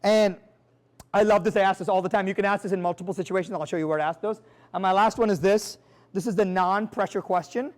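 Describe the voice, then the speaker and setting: A man giving a live seminar talk as a sales trainer, energetic and emphatic, firing rhetorical questions at the audience in a quick, conversational way. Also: high voice. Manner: quick, conversational, with frequent restarts and "like" and "right?".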